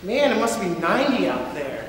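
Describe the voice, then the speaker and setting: A man's voice: high voice, big pitch swings, normal speed, far from the mic, slight background noise. A young man voicing a tough, wry twelve-year-old boy who talks bluntly, performed live in an echoey hall.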